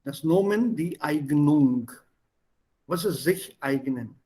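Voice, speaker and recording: A man teaches an online language class over a video call. His voice sits a little high and he speaks slowly, going through the words one by one and moving between languages as he explains. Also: lively intonation, dark tone. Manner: slow, explains word by word, switches between languages.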